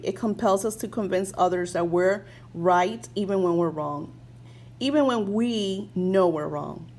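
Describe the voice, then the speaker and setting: A woman talking to her viewers about her spiritual practice in a casual, gushing way, full of fillers. She gets emotional easily and reads book passages aloud in the same warm, chatty voice. A faint hiss sits under the recording. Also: mid-range voice, poor audio. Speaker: spiritual vlogger.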